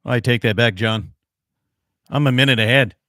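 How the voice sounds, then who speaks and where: A man hosts an outdoors radio program from a studio, with an energetic announcer's read. His voice sits in a middle pitch and is recorded dry and close. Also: no room sound. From Dakotas, US. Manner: upbeat announcer delivery, reads station list slowly. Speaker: radio show host. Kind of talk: radio show hosting and casual pre-show chat.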